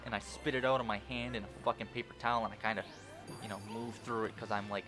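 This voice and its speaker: A man's voice: fairly low pitch, little pitch movement, fast, over music. A young man casually rambling through gameplay commentary at home, swearing often and restarting sentences with lots of fillers. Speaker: gaming channel host.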